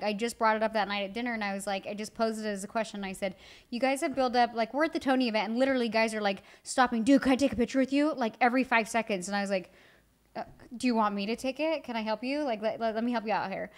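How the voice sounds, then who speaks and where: A woman's voice: fairly high pitch, fast talker. A woman co-hosting a podcast with her husband, telling a story in candid chat, full of "like" fillers. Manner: chatty storytelling with many "like" fillers. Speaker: co-host, wife of the other host.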